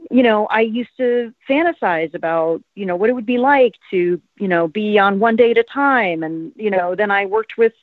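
A fifty-something actress from South Jersey talks at a moderate pace with hardly any pauses, rambling through a relaxed interview full of "like" and "um" fillers. Her voice is medium in pitch. The recording is echo-free, tinny and phone-like.

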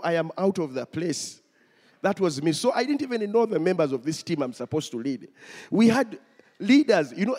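A man's voice: sits high, a little mellow. A man preaching a testimony sermon, telling his story and speaking directly to the congregation. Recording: long hall reverb.

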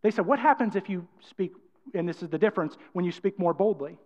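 A man delivers an energetic sermon with strong emphasis, acting out what people say. His voice sits high, and the sound is a little dull. A long reverb trails his words through the hall. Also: fairly quick. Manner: energetic, emphatic preaching with acted-out quotes. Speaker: pastor.

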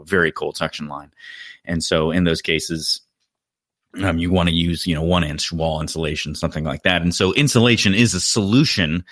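A man's voice: rumbling low, fairly bright tone, dry recording, studio quality. A man who works as an HVAC contractor, talking through technical points on a podcast in a practical, explanatory way and correcting himself as he goes.

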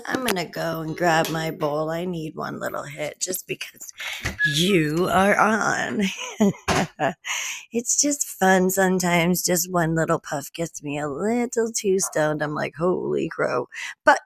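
A young woman hosting a casual livestream from home, greeting viewers by name with slow, drawn-out, giggly chatter into her phone. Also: fairly low pitch, expressive, noisy background. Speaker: livestream host.

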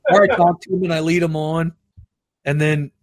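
A man with a somewhat high voice chats casually to his stream, recorded dry and close. He rambles and swears, laughing at his own stories and acting out phone calls in raised voices. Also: fairly even intonation, moderate pace, dry recording. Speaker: streamer reading chat. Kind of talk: casual livestream chat.

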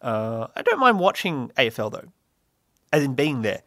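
Young man with a very lively, bouncy voice. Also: medium pitch, moderate pace, dry recording, studio quality. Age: young adult. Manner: rambling and self-mocking, with frequent fillers and laughs. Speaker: podcast host. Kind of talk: solo comedic podcast monologue.

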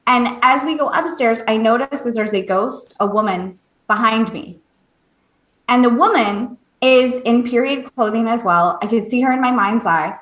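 Higher-voiced woman telling a lively story in an echoey room. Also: moderate pace. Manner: animated, laughs often, swears, acts out quoted speech. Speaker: podcast co-host and medium. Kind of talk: casual storytelling.

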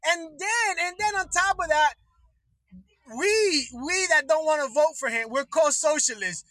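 High, bright-voiced man ranting. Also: normal speed, no room sound, low-quality recording. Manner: profane, rambling, laughs often. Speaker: livestream host. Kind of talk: casual political rant.

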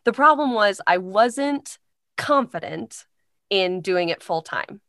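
A woman's voice: medium pitch, animated, takes it slowly, fairly bright tone, no room sound. Chatty young woman, dry close sound. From Indiana, United States. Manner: chatty, many fillers like "like" and "you know". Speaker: voice-over artist guest. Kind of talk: casual interview conversation.

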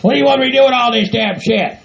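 Gruff hillbilly rancher, voiced by a man, gravelly and high, cussing nonstop, lo-fi audio. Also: quick pace, a bit bright, exaggerated voice. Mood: grumbling. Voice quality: gravelly, exaggerated country hick voice. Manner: grumbles, swears, keeps repeating "by God". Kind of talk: comedy audio skit. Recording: dull lo-fi home recording.

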